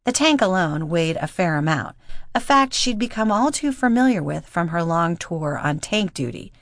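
A woman narrating an audiobook in a steady, measured reading voice. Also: fairly low pitch, no room sound, clean studio sound. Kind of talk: scripted narration.

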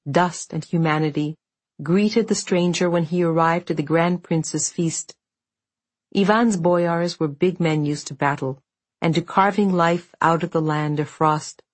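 Low, husky woman narrating a story. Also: no echo. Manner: measured, even storytelling. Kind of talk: scripted audiobook narration.

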